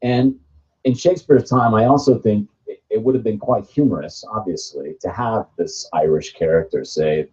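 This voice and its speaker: Low-voiced director, muffled recording. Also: male voice, normal speed, darkish tone. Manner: thoughtful, explanatory, with fillers. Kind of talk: seminar discussion.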